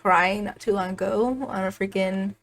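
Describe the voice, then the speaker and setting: A woman's voice: mid-range voice, steady tone, normal speed, soft background music, lightly acted. A woman voicing a flustered teen girl. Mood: awkward. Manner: casual, awkward and blunt.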